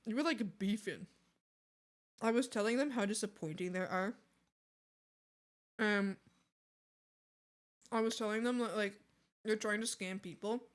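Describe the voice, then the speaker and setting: A woman art streamer with a mid-range voice chats unhurriedly with viewers while drawing, pausing often. She tells stories, laughs frequently, and acts out the other people in them.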